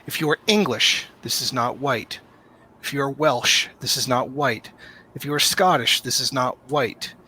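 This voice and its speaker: A man's voice: mid-range voice, unhurried, sharp tone, a little hiss or hum. A man in a played clip making a firm, lecturing political statement.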